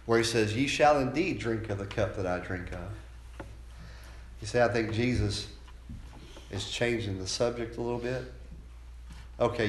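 A man preaching a sermon, moving from calm teaching to loud, fervent passages and acted-out quotes. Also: reverberant, a little hiss or hum. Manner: builds from calm teaching to loud, high-pitched fervor.

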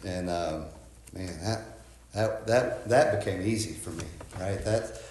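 A man's voice: low-pitched, unhurried, a little mellow, roomy sound, slight background noise. A man preaching a sermon as a pastor, conversational and folksy, often asking "right?" and restarting his words.

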